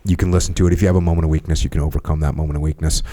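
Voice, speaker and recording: A man's voice: extremely low pitch, fairly even intonation, rapid-fire, warm tone. A man hosting a podcast, talking bluntly and casually, reading sponsor plugs and teasing his guest. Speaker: podcast host. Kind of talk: casual podcast chat with ad reads.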